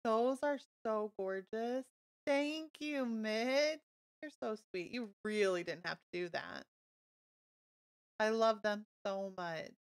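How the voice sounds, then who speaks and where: A woman streaming a video game live, chatting casually to her viewers and gushing excitedly over new items. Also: medium pitch, slow pace. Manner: bubbly, gushing and easily excited. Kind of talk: casual live-stream chat while playing.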